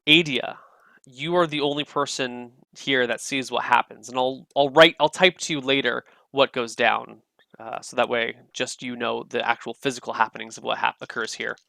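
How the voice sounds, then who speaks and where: A man running a tabletop game as dungeon master, his voice bright and smooth with some gravel. He narrates scenes in a loose, descriptive way, recorded dry and close. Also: mid-range voice, steady tone, normal speed, dry recording. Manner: descriptive, with frequent fillers and restarts.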